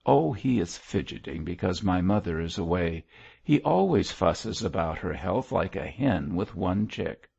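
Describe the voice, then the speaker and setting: A man voicing a lively, teasing young army captain in an audiobook, talking in a playful bantering way. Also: deep voice, unhurried, vocal fry, slightly rough, dull audio, full character voice.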